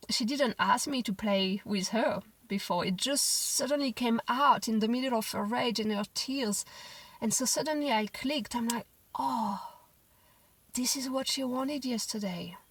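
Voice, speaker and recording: A young mother telling a personal parenting story to camera in a gentle, reflective way, often restarting her sentences. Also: on the high side, normal speed, recorded from a distance, poor audio. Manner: reflective, gentle, with frequent restarts and soft quoted asides.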